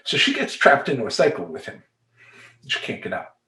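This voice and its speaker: A man's voice: mid-range voice, huge pitch swings, a little fast, bright, forceful tone. Emphatic streetwise man in echoey room. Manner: emphatic, streetwise, casual slang. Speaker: life coach. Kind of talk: talking-head vlog monologue.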